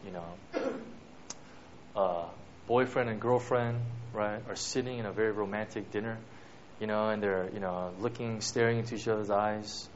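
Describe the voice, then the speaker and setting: A man's voice: lowish voice, normal speed, a little hiss or hum. Conversational male preacher, lo-fi sound. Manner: peppers talk with "right?" and "you know". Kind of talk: conversational sermon. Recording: dull lo-fi recording.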